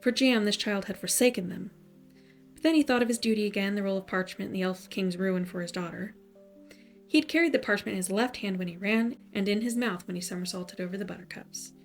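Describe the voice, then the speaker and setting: A woman storyteller reading a fairy tale at bedtime. Her delivery is soft and soothing, with a gravelly, fry-touched texture at mid pitch. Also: brisk, faint music behind. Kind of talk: gentle bedtime story narration.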